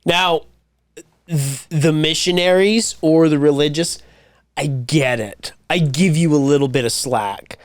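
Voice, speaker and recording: Male podcast co-host, casual and jokey, swears freely; high-ish lively voice, dry close sound. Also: unhurried, dry recording. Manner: joking, swears a lot, laughs easily. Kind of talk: casual chat.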